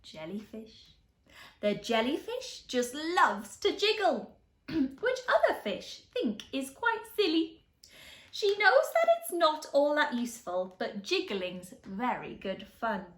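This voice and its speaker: Preschool teacher, woman, animated storytime reader, slow and expressive, echoey room. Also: high voice. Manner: animated, gasps and asks children questions. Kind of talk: reading a picture book to young children.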